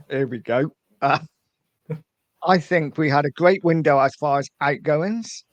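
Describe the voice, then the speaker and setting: A man's voice: on the high side, unhurried, no room sound. A middle-aged man hosting a casual football podcast, talking in a friendly way and steering the conversation. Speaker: host.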